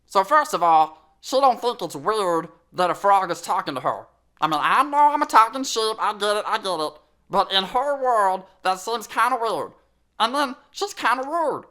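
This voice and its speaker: A woman's voice: medium pitch, lively intonation, normal speed, pushed and bright. A woman voicing a chatty, sassy talking sheep. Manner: playful, chatty, sassy asides to the listener. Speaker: storyteller host. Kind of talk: children's puppet story reading.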